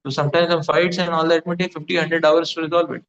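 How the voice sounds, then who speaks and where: A man's voice: fairly high pitch, level tone, quick pace, fairly bright tone, clear, resonant tone. A man giving a devotional lecture as a spiritual teacher, rambling with many fillers like "you know". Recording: dull lo-fi recording.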